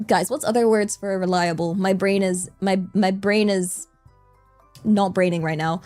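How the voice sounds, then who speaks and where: A woman's voice: medium pitch, steady tone, a little slow, soft background music. A young British woman streaming, chatting in a playful, rambling way. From Britain. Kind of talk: casual live-stream chat.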